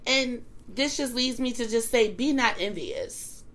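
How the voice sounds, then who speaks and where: A woman hosting a podcast, telling stories in a candid, profane, lively way during casual chat. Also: a little high, measured pace. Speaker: podcast host.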